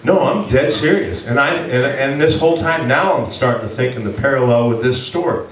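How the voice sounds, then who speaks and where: A man preaching as pastor, telling a story in an animated, self-mocking way and acting out his own complaints. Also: mid-range voice, fairly quick. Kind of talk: storytelling sermon. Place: church hall. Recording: echoey room from far off.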